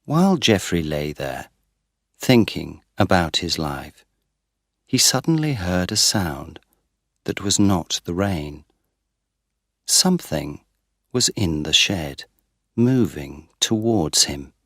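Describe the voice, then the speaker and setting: Slow, deep-voiced male storyteller. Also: very animated, a bit bright, no echo, clean studio sound. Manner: slow, careful, plain delivery. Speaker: narrator. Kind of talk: graded-reader story narration.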